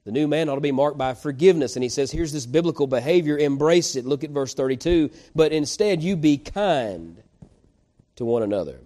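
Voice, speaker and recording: Male pastor, folksy conversational sermon delivery, slightly high, mellow tone. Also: lively intonation, fairly quick. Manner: folksy, conversational preaching with acted-out voices.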